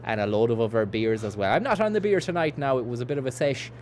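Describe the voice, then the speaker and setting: A man's voice: medium pitch, quick pace, a little mellow, a little hiss or hum. A man streaming a game, rambling and swearing casually while he reads out and answers chat messages. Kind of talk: casual let's-play commentary.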